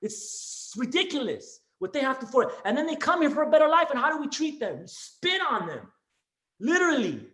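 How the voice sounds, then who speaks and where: High-pitched guy teacher on a zoom call, roomy echo, emotional and rambling, says man and dude a lot. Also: big pitch swings, fairly quick, sharp tone. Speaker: elementary school teacher. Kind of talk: impassioned class discussion. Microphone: video call.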